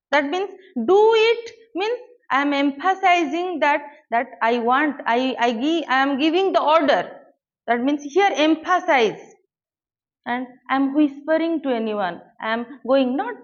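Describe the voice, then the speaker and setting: A woman's voice: high-pitched, highs cut off. A woman giving a classroom lecture, explaining step by step with rhetorical questions and stressed words. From India.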